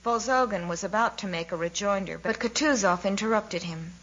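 A woman narrating a classic novel in a measured, expressive reading. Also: mid-range voice, lo-fi sound. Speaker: audiobook narrator.

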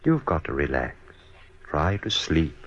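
An actor playing a calm, quietly menacing eye surgeon in a 1940s radio drama. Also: male voice, rumbling low, a little slow, full character voice. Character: scheming middle-aged male eye surgeon, cold and bitter. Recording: dull old radio recording with faint hiss.

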